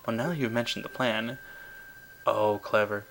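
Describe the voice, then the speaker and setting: A man's voice: medium pitch, steady tone, brisk, faint music behind. Sarcastic young man commenting on a game. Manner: rambling, lots of fillers, sarcastic. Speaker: let's play host. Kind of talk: casual gameplay commentary.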